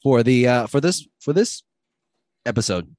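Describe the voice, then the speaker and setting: A man's voice: mid-range voice, animated, moderate pace, darkish tone, no room sound. A man co-hosting a casual movie podcast, rambling with many fillers and breaking into laughs. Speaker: podcast co-host.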